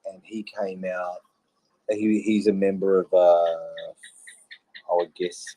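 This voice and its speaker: An Australian man talks in a fired-up, exasperated way, laughing off his own outbursts. His voice sits low and dark. The sound is close and dry, with no room around it. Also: level tone, slow pace, dry recording, poor audio. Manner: heated, exasperated, apologetic laughs. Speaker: Twitter Space speaker. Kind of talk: casual live audio discussion.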